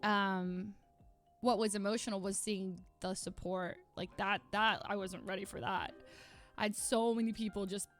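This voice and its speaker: A young woman streamer chatting emotionally to her viewers, halting and rambling with many restarts. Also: mid-range voice, steady tone, soft background music.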